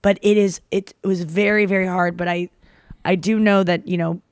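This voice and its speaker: A woman hosting a podcast, talking fast in a rambling, self-deprecating way in casual chat. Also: on the low side, steady tone, clean tone, no room sound, clean studio sound. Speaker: podcast host.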